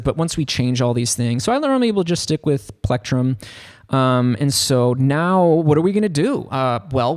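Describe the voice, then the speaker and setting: A man giving a casual, rambling tutorial on a software synth, talking loosely with lots of filler words. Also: a little high. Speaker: music production tutor. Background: faint synth keyboard notes.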